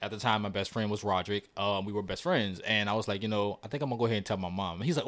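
A man's voice: fairly low pitch, steady tone, rapid-fire, fairly bright tone. A man in his twenties co-hosting a podcast, telling a story in a blunt, profane, casual way. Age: 20s. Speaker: podcast co-host.

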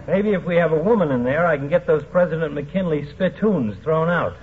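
An actor playing a sardonic middle-aged town doctor who trades insults, in a 1940s radio comedy. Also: male voice, a little high, animated, fairly quick, close to an everyday voice. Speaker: health commissioner. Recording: tinny old radio broadcast, faint hiss.

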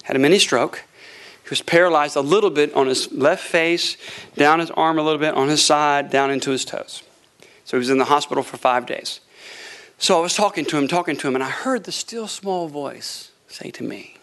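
High-voiced pastor preaching. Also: male voice, a little fast. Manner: preaches with swings from hushed to shouting; tells a story with quoted dialogue. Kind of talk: sermon. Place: church sanctuary before a congregation.

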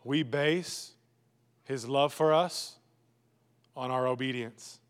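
A man preaching a sermon as pastor, emphatic and repetitive, swinging between loud urging and hushed, low lines. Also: slow pace, clear, resonant tone, in a large hall. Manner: emphatic, repetitive preaching with sudden drops to a hush.

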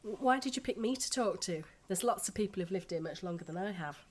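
A woman's voice: medium pitch, animated, quick pace, lightly acted. Yorkshire housewife in her thirties, frank and chatty, played by a woman, radio drama. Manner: blunt, gossipy, down-to-earth.

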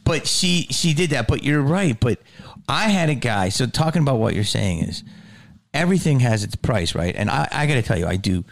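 A man hosting a podcast in casual chat, an animated storyteller who swears freely and sometimes drops to a low mutter. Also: normal speed, no echo, clean studio sound. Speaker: podcast host.

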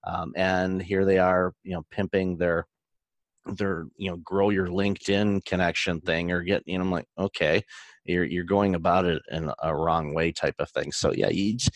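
A man's voice: low-pitched, fairly even intonation, normal speed, dry recording. A man in casual conversation, rambling and joking as he talks. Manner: rambling, joking, many fillers and restarts.

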